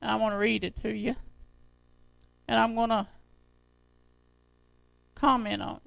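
An older man preaching a sermon to his church in a folksy, conversational way, his voice unsteady and jumping in pitch. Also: level tone, a little slow, creaky, fairly bright tone, no room sound, poor audio. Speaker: pastor.

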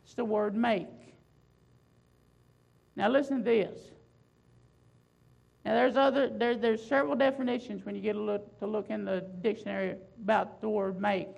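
A woman preaching a sermon, building emphasis with loud swells and slow, drawn-out phrases. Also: mid-range voice, steady tone, gravelly, poor audio.

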